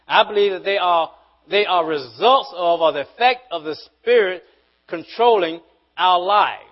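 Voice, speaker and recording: A man preaching a sermon as pastor, emphatic and repetitive, swinging from forceful peaks to quiet asides. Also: high voice, a little slow, lo-fi sound. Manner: repeats words when building a point.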